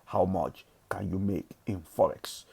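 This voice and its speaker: Nigerian male vlogger, fairly low warm voice, emphatic motivational preaching, casual swearing. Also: steady tone, measured pace, creaky, breathy edge. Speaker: forex trading vlogger. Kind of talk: motivational monologue.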